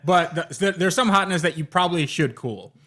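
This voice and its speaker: A man's voice: a little high, animated, a little fast, bright, forceful tone. A young man hosting a casual car podcast, talking in a rambling, jokey way with lots of fillers and restarts. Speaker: podcast host.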